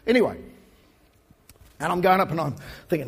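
A man preaching a sermon as a story, swinging between loud preaching and soft asides. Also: fairly high pitch, expressive, fairly quick, vocal fry, pauses often, husky, big-room sound. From New Zealand. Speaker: pastor.

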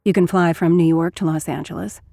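A woman narrating a first-person audiobook in a sardonic, profane, fast-talking voice. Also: lowish voice, steady tone, creaky, mellow, dry recording, clean studio sound.

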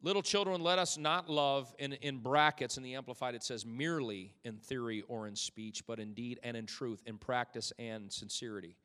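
A male pastor preaching a sermon, moving between loud, rising exhortation and quiet, close storytelling. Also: medium pitch, steady tone, normal speed, few pauses. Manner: swings from loud exhortation to soft intimate storytelling. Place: church sanctuary. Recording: long hall reverb.

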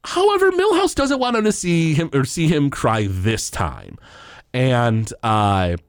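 A man chatting on a podcast, his pitch swinging widely from low to high as he retells scenes. He talks loosely, with plenty of fillers and chuckles. The sound is close and dry, with no room around it. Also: big pitch swings, unhurried, no echo. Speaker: podcast co-host recapping an episode. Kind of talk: casual chat.

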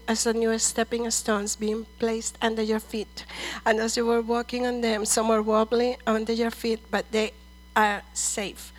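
On poor audio, an earnest middle-aged woman ministers prophetically to people at church at a measured pace, calling them "dear" and "brother." Her pitch is on the high side.

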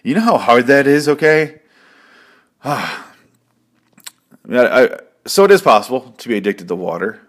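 A man's voice: mid-range voice, sing-song, unhurried, pauses often. A man hosting his own show, rambling through a casual recap with swearing and jokes. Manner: rambling, profane and jokey. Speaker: podcast host.

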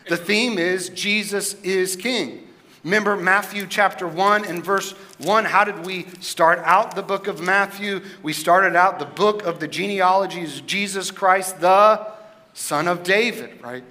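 A man's voice: sits high, pushed and bright. A man preaching a sermon as pastor, in a conversational way that keeps asking the congregation questions. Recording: long hall reverb.

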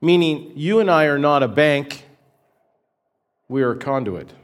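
A man's voice: a little high, animated, measured pace. Earnest male pastor preaching. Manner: earnest, repeats key points for emphasis. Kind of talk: sermon.

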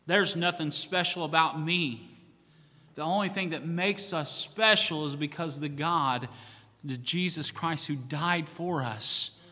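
Bright-voiced pastor preaching in a reverberant church. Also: male voice, a little high. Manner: swings from loud fervent preaching to hushed solemn tones. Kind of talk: sermon. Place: church sanctuary. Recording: long church hall reverb.

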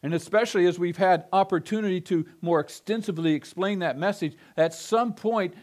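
A man's voice: high voice, fairly quick, a little mellow. A middle-aged male pastor preaching an expository sermon, emphatic and given to repeating phrases with building intensity.

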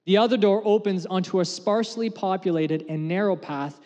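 A pastor in his thirties preaching a sermon with emphatic swings from loud to quiet. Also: high voice, a little fast, dull audio. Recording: long hall reverb.

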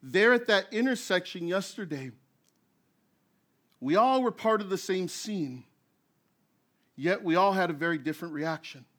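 A man preaching a sermon as pastor, telling a story in a lively, animated way that acts out the scenes. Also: high voice, a little slow, long pauses.

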